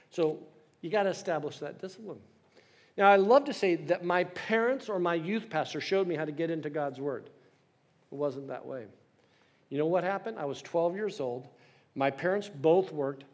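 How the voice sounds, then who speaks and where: A man's voice: on the high side, moderate pace. A man in his sixties preaching a sermon with storytelling and self-deprecating humor. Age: 60s. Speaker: pastor.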